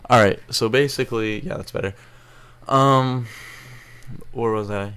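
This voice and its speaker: A teenage boy telling a story to camera in a rambling, emotional way, recorded on an earbud mic at low quality. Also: steady tone, a little slow, fairly bright tone, clean tone. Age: teens. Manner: rambling, restarts often, emotional. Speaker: vlogger. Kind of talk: casual storytelling vlog.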